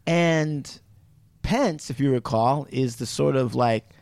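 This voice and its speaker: A man's voice: medium pitch, a little slow, creaky, a little mellow, no room sound. Rambling, cussing man on a dry mic. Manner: rambling, profane explainer full of "like". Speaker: podcast host. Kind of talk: casual chat.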